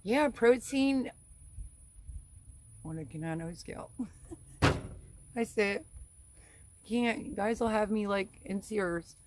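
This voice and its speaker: A woman's voice: medium pitch, slow, pauses often, a little hiss or hum. Chatty middle-aged woman hosting a livestream. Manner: chatty and rambling, laughs often. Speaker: homestead channel host. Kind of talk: live stream chat, reading viewer comments.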